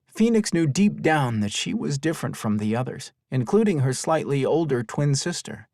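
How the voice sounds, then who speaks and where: Male storybook narrator, animated pitch, mid voice, dry booth recording. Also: normal speed, no room sound. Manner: expressive storytelling. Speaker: audiobook narrator. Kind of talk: scripted narration.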